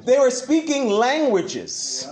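Animated preacher man, lively high voice. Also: takes it slowly. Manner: animated, call-and-response with the congregation. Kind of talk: sermon. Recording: echoey room.

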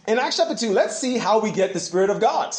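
A man preaching a sermon, asking questions back to his congregation in an animated way. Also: high-pitched, fast. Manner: animated, call-and-response with the congregation. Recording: echoey room.

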